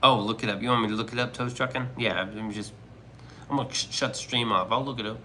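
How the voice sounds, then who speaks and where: A man's voice: medium pitch, steady tone, fast talker, bright, forceful tone, a little hiss or hum. A man streaming live, chatting casually with his viewers in joking, profane, rambling banter. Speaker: livestreamer reading chat. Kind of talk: casual livestream chat.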